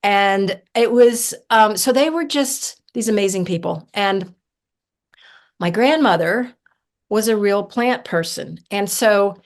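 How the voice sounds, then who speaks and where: A woman's voice: mid-range voice, slow. Chatty woman telling a story. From southern Ohio. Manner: animated, chatty, full of fillers. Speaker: herbalist guest. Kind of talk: casual storytelling interview.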